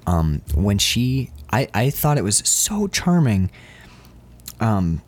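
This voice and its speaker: A man co-hosting a casual movie podcast, talking in an animated way and swearing now and then. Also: slow pace. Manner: animated, acts out quotes in loud high voices. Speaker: podcast co-host.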